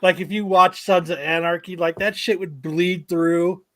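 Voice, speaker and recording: A man's voice: high-pitched, steady tone, moderate pace, a bit bright, no room sound. A man co-hosting a casual comic book podcast, reading news and joking with crude language. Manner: profane, joking, reads news aloud. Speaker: podcast co-host.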